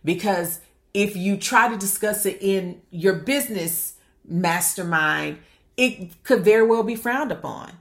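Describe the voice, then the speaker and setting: A woman's voice: mid-range voice, a little slow. A woman coaching successful women on marriage, speaking emphatically and asking many rhetorical questions. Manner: calls listener "honey". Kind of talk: motivational monologue.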